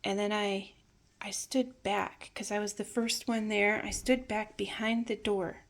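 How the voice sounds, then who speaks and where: A woman telling a personal family memory in a reflective, hesitant way, sometimes dropping to a soft near-whisper. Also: medium pitch, steady tone, unhurried. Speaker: storyteller.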